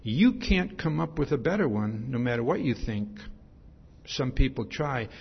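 A man's voice: mid-range voice, animated, moderate pace, creaky, husky, big-room sound, highs cut off. A man preaching a sermon in a conversational way, often checking in with his listeners. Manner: conversational, repeats "see?" often.

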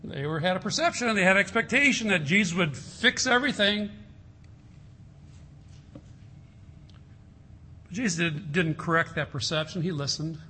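A man preaching a sermon in an earnest way, slowing down and softening his voice to stress a point. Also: high voice, expressive, a little hiss or hum. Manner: earnest, slows and softens for emphasis. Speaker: pastor.

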